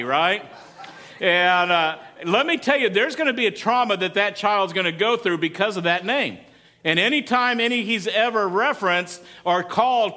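A man's voice: high voice, lively intonation, normal speed, sharp tone. A man preaching a casual, conversational sermon and asking the congregation questions. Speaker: pastor.

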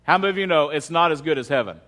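A man's voice: a little high, lively intonation, rapid-fire, a bit bright. A pastor preaching a conversational sermon at a church service, often asking the audience questions and repeating words as he starts his sentences.

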